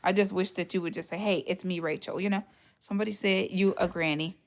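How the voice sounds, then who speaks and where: Chatty woman with a creaky voice. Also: on the low side, steady tone, fast talker. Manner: chatty, laughs often, greets viewers by name; retells conversations in put-on voices. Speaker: livestream host. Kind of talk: casual livestream chat.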